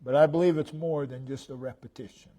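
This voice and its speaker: An American man preaching a sermon, slow and emphatic, repeating short phrases and swinging between loud declarations and hushed tones. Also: a little high, steady tone.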